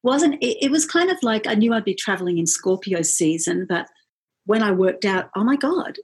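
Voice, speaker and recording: A woman musician telling a travel story in casual chat, animated, acting out the people she quotes. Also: moderate pace, husky. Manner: animated, acts out quoted voices with big pitch jumps. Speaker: musician and podcast guest.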